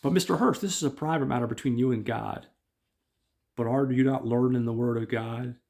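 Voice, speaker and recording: A man reading aloud and voicing elderly male synagogue elders who deliberate and question each other. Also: medium pitch, a little mellow, natural voice. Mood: deliberating.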